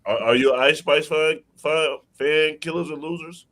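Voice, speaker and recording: A man's voice: a little high, steady tone, moderate pace, a bit bright. A man hosting a casual talk show, joking and leading his panel. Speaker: show host.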